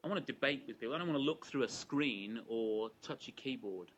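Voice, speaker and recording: A man's voice: mid-range voice, brisk, highs cut off, slight background noise, natural voice. A man putting on a blunt Australian politician. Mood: gruff, blunt.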